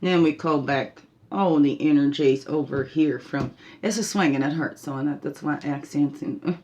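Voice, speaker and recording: A woman's voice: deep voice, moderate pace, darkish tone. A woman leading a spiritual guidance talk, meandering and laughing often, checking in with "right?" as she goes. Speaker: spiritual guide.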